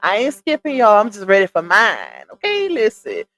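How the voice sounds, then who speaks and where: A woman's voice: medium pitch, very animated, moderate pace. Southern woman in her thirties, talkative live stream host, chats with viewers casually. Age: 30s. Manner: chatty, shouts out viewers by name, reads comments aloud; laughs often, Southern slang like "child" and "y'all".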